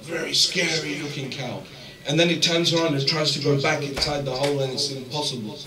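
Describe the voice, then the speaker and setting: A man from the UK giving a sermon as a guest speaker, telling stories that swing from hushed to impassioned. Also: a little high, steady tone, brisk. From United Kingdom. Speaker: guest speaker at a religious gathering. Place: large hall with an audience. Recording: echoey hall, mic at a distance, crowd present.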